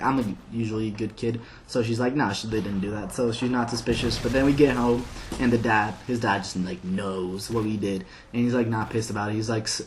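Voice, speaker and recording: A gameplay commentator with a fairly low, slightly mellow male voice tells a long, rambling story over the game, packing it with constant "like" fillers. He sometimes laughs at his own tale, and there's a bit of hiss or hum in the recording.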